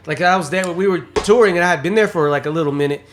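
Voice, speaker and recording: Fast-talking high-voiced man, casual chat. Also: slight background noise. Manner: animated, acts out quotes in voices. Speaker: podcast co-host.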